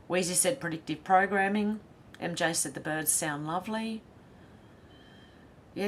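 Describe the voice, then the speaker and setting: A woman's voice: lowish voice, fairly bright tone, a little hiss or hum. A middle-aged Australian woman hosting a casual livestream, reading viewer comments aloud with giggly, chatty asides. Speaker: livestream host.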